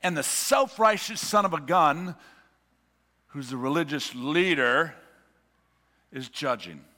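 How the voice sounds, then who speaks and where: A man preaching a sermon as a pastor, swinging from loud urging to hushed whispers and repeating words as he builds. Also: fairly high pitch, big pitch swings, takes it slowly, long reverb tail.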